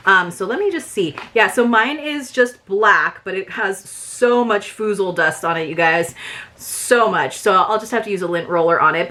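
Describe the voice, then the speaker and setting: A woman's voice: medium pitch, fairly bright tone. Young woman, casual unboxing vlogger, upbeat and rambling. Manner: chatty, upbeat, lots of fillers. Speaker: subscription box reviewer. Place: home filming room.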